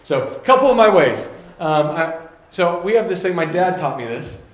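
A man's voice: high-pitched, animated, normal speed, roomy sound. A man in his thirties giving a casual, story-filled sermon as a pastor and acting out the quotes.

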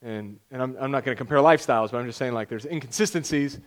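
A man's voice: mid-range voice, fast. A young man preaching a sermon as pastor, conversational and joking, often acting out imagined voices.

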